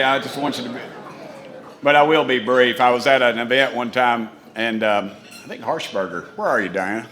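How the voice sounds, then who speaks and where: A man's voice: mid-range voice, normal speed. A man with an East Tennessee accent giving a folksy, rambling, self-mocking dinner speech as a congressman. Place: banquet hall. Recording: echoey hall, faint room noise.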